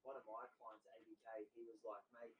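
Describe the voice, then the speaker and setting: A man's voice: lowish voice, little pitch movement, fast, a bit bright, a little hiss or hum, rough recording. A man in a workshop sharing a casual anecdote about a client. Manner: chatty, quotes others in stories. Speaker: workshop participant.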